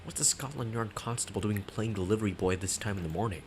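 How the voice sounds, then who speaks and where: A man's voice: on the low side, quick pace, darkish tone, slight background noise, pitched below the performer's own voice, natural voice. A man voicing a polite young male lawyer, earnest and mild, during a game playthrough.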